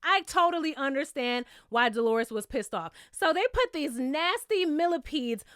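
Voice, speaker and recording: A woman's voice: high-pitched, animated, moderate pace, fairly bright tone, no room sound, clean studio sound. A woman giving a casual, blunt and sassy recap of a reality TV episode, swearing freely, laughing at her own jokes and calling her viewers "child".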